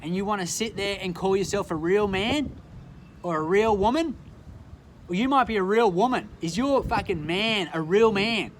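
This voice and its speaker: An Australian man talks straight into his phone in a raised, high voice, swearing hard and repeating himself for emphasis. The clip is recorded outdoors, with the drone of a boat motor and water clearly heard under his words. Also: expressive, moderate pace, a little hiss or hum, low-quality recording. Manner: profane, forceful, repetitive. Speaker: social media vlogger. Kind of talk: impassioned direct-to-camera rant.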